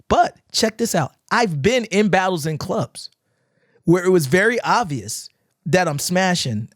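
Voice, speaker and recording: A man's voice: high voice, no room sound, studio quality. A man who teaches dance, talking casually on a podcast, acting out crowds and swearing freely as he tells stories. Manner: animated storytelling, acting out crowds and shouts, swears often.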